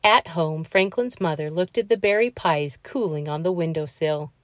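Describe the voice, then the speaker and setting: A woman reading a children's picture book aloud, in a slow, expressive storytelling voice. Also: deep voice, dry recording, clean studio sound.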